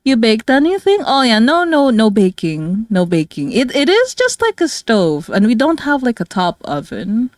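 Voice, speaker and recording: A tired, low-energy woman from the Philippines chatting casually with her viewers as a streamer, rambling with many fillers and soft laughs. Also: huge pitch swings, normal speed, few pauses, no room sound, studio quality. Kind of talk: casual livestream chat with viewers.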